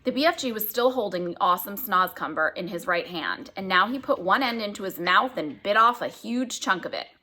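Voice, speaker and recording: A woman reading a children's book aloud, telling the story in a lively way and pointing out the pictures. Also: mid-range voice, a little fast, few pauses. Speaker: reader.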